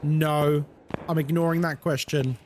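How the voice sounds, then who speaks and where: Man, game streamer, fairly high voice, chatty and jokey, answers chat live. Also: measured pace, a little hiss or hum. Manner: animated and chatty, reads chat aloud, jokey asides. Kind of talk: casual live-stream chat while gaming.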